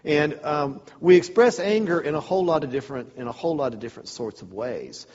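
A man's voice: a little high, a little fast, breathy edge. A man giving a humorous talk to a men's church group, telling stories with sarcastic asides. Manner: storytelling, animated, sarcastic asides. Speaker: speaker at a men's church event. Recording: dull sound, long hall reverb.

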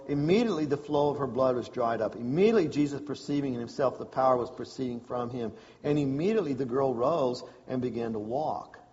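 A man's voice: a little high, darkish tone. A man preaching a sermon, reading scripture and explaining it in a conversational, folksy way. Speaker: pastor. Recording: dull sound with long hall reverb.

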